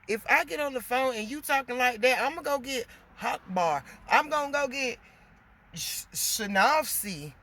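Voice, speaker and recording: A woman venting in a casual monologue to her viewers, animated and emotional, getting loud as she talks. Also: sits high, moderate pace. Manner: gets loud when emotional.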